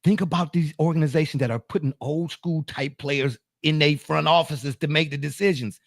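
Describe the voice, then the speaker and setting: A man's voice: on the high side, steady tone, normal speed, creaky, few pauses, dry recording, studio quality. A middle-aged man co-hosting a sports talk show, emphatic and slangy, laughing often as he argues.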